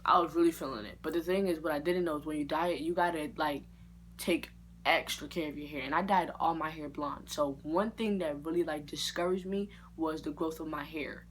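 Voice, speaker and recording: A young adult woman vlogger telling a story in a casual, slangy way and jumping into high-pitched reactions. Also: fairly even intonation, brisk, slight background noise.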